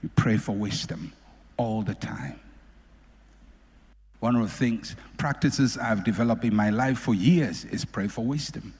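A man preaching a sermon, repeating phrases for emphasis and swinging between loud and soft. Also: lowish voice, a little slow, breathy edge. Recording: echoey hall with long reverb.

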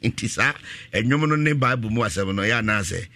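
A man preaching on the radio, repeating scripture lines after a reader and rising to shouted appeals. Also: on the low side, lively intonation, moderate pace. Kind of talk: call-and-response Bible preaching.

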